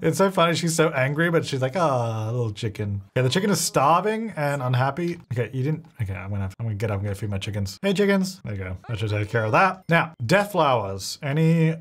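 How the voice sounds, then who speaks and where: A man's voice: medium pitch, expressive, quick pace, hardly any pauses, fairly bright tone. A man casually commenting on his own gameplay, chatty and thinking aloud, often laughing. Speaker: gaming channel host.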